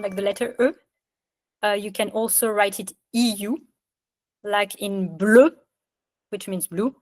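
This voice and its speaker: A woman's voice: medium pitch, no room sound. Chatty woman teaching pronunciation. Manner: chatty, filler-heavy, laughs at French spelling. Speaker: French instructor. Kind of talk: casual online lesson.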